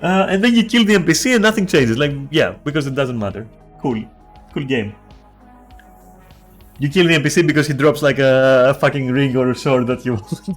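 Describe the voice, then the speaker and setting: A man's voice: medium pitch, animated, moderate pace, faint music behind. A man on a game stream, ranting in casual chat, swearing a lot and restarting his sentences.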